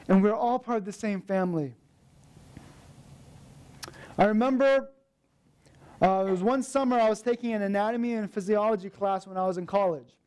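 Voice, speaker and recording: Young male minister, high voice, storytelling sermon with animated quotes. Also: clear, resonant tone. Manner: storytelling with lively acted quotes. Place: church.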